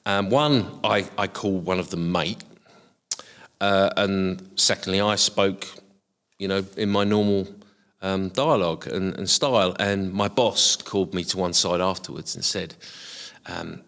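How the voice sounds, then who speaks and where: Deep-voiced man with a softened Essex accent. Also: fairly even intonation, measured pace, vocal fry, in a large hall. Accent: softened Essex estuary English. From Essex, England. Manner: hesitant, many ums and restarts. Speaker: guest, HR professional. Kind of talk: casual reflective interview talk.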